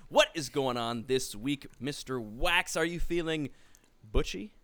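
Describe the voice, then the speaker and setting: A man's voice: medium pitch, expressive, a little slow, fairly bright tone, no room sound. A man hosting a wrestling podcast, introducing his co-hosts in a showy announcer style during casual chat. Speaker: podcast host.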